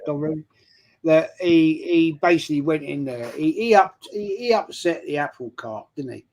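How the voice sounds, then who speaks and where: A man co-hosting a casual football chat who often stumbles and restarts his sentences. His voice is slightly high and searching. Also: normal speed, a little mellow. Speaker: show co-host.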